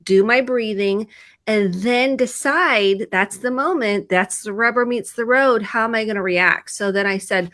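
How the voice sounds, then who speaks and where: Bright-voiced woman therapist. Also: medium pitch, unhurried, no echo. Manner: animated storytelling, acts out her own quoted lines. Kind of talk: video chat about mental health. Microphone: video call.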